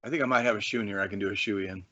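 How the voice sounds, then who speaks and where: A man from Arizona co-hosting a podcast, talking in a rambling, excitable way with plenty of swearing. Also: fairly low pitch, very fast, no echo, highs cut off. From Arizona, USA. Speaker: podcast co-host. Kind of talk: casual podcast chat.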